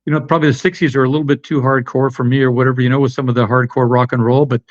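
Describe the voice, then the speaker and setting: A man's voice: mid-range voice, level tone, very fast, dull audio. A middle-aged American man, a podcast guest, rambling with many fillers and restarts. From United States. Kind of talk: casual interview chat.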